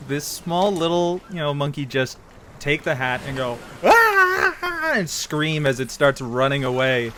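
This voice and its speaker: A man narrating as game master of a tabletop game, relaxed, with frequent fillers. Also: medium pitch, normal speed, a little hiss or hum. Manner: relaxed, laughs often, hesitant fillers.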